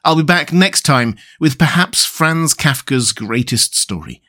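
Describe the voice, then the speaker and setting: A man narrating a classic tale and hosting his storytelling show in a calm, even manner. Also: a little high, measured pace. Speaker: storyteller and podcast host.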